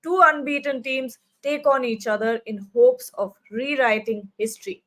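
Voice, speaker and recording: A woman's voice: high-pitched, fairly even intonation, moderate pace, a bit bright. Woman hosting a live sports chat. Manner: chatty, uses fillers like "uh, you know". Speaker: host. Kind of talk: live sports discussion show.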